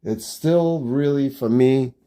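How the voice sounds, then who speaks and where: A man in his fifties live-streaming from his family home indoors, chatting casually with viewers and reading their comments aloud, often trailing off quietly. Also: mid-range voice, slow. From New York. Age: 50s.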